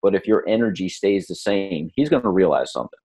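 A man with a lowish voice talks on a podcast in a casual, animated way. He coaches from stories and jumps up in pitch to act out what people say. He sounds middle-aged. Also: fast, husky. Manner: animated storyteller acting out quotes. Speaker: podcast guest, lifestyle coach.

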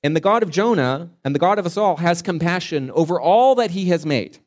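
A man's voice: a little high, animated, a little mellow. Earnest male pastor telling a story. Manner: earnest storytelling, drawn-out emphasis. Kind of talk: sermon.

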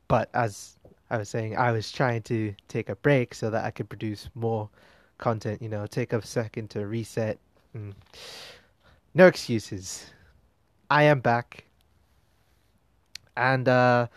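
A man's voice: mid-range voice, no echo, studio quality. A man hosting a music commentary show, talking casually and rambling with fillers and restarts. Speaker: podcast host.

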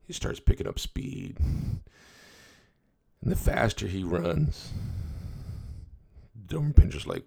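A man's voice: fairly high pitch, sing-song, slow, gravelly, pauses often, mellow, breathy edge. A middle-aged man hosting a podcast, telling a story in a folksy, rambling way full of asides. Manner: folksy, rambling, with many "you know" asides. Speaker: podcast host. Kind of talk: casual storytelling monologue.

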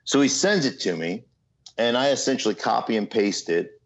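A man, a guest in an interview, telling an animated story with frequent "right?" asides and mimicked voices. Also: medium pitch, moderate pace. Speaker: guest, former football player and entrepreneur. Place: remote from home city. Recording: slightly muffled lo-fi audio.

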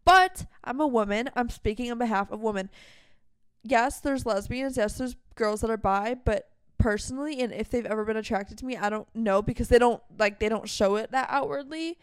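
Heated young woman, high and dry. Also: clear, resonant tone, dry recording. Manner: heated, fast and emphatic, heavy use of "like". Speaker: podcast host. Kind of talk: candid personal monologue.

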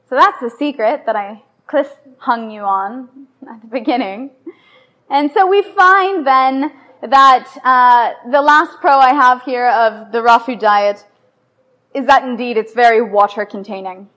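A woman's voice: on the high side, fairly bright tone. A woman giving a live evening lecture to an audience, chatty and playful, often putting questions to the listeners. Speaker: lecturer on raw food and yoga.

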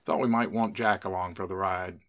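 A man's voice: deep voice, steady tone, moderate pace, fairly bright tone. A man playing a cocky young small-town tough. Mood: teasing. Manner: swaggering, teasing. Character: cocky young man, sheriff's son, brash.

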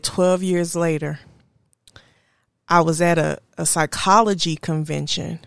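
A woman speaks in a low, unhurried voice, pausing to think as she shares something personal. The sound is close and dry, with no room around her. She is candid and reflective as she hosts her own podcast. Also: no room sound. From Houston, Texas area. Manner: slow, reflective, candid storytelling. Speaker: podcast host. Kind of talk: personal monologue.

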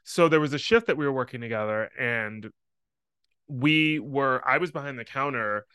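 A young man co-hosting a podcast, telling a story in an animated way, laughing often and acting out voices. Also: mid-range voice, normal speed, clear, resonant tone, dry recording, studio quality. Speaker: podcast co-host. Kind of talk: casual chat.

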